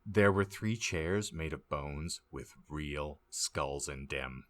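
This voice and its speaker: A man reading a badly written story aloud as a comic audiobook, deadpan and stumbling over misspelled words. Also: very deep voice, slow. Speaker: podcast host reading aloud.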